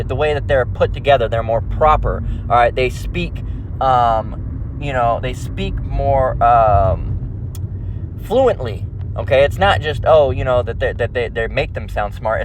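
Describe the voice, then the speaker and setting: A man's voice: mid-range voice, a little hiss or hum, poor audio. A man giving informal scripture teaching in a loose, rambling way, constantly checking in with "all right" and "okay". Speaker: religious teacher.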